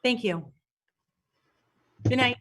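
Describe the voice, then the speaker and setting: A woman chairing a meeting, briskly wrapping up business to adjourn. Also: a little high, a bit bright, recorded from a distance, a little hiss or hum.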